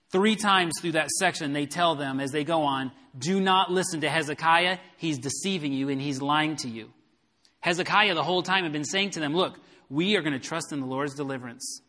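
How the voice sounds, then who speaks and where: A man preaches a sermon in a church sanctuary, taking the scripture passage verse by verse and putting it into plain, everyday words. His voice sits fairly high and has a bright, forceful edge. A long reverb from the hall trails behind each phrase. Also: brisk. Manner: expository Bible preaching with paraphrase. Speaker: pastor.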